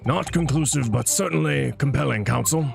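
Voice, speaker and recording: A man doing a gravelly stern judge. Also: mid-range voice, moderate pace. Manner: formal, gravelly. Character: stern older male judge, formal. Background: game music.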